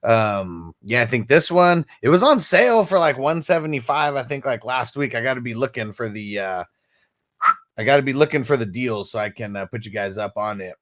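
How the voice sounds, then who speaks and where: Laid-back male stream host, slangy, relaxed, reads chat aloud. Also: medium pitch, moderate pace. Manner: laid-back, slangy, coughing between dabs. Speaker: livestream host. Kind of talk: casual livestream chat reading comments.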